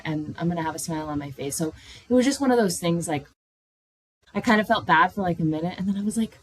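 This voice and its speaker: A woman hosting her own podcast, telling personal stories in a candid, animated way, swearing freely. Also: fast, slightly rough, poor audio. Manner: animated, swears freely, jumps into high voices when quoting herself. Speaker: podcast host. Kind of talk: candid solo podcast storytelling.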